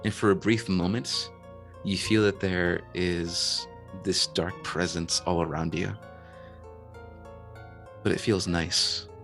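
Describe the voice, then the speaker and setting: A man narrating as game master of a tabletop role-playing game, slow and descriptive with small hesitations. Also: low voice, steady tone, a bit bright, soft background music.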